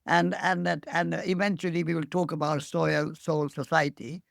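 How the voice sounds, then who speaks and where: A man's voice: fairly high pitch, little pitch movement, moderate pace, gravelly, no echo, clean studio sound. A man in his eighties from India with an Indian accent, telling his life story as an interview guest, earnest and repeating phrases for emphasis. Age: 80s.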